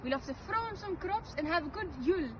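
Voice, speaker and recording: A young woman acting a chatty, curious girl in a school skit, recorded outdoors from far away with loud street noise. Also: extremely high pitch, expressive, fast. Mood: excited.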